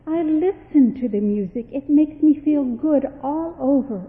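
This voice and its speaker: A woman voicing an eager, earnest young boy mouse who speaks softly. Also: high voice, lively intonation, unhurried. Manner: earnest, soft-spoken. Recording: tinny, echoey long reverb.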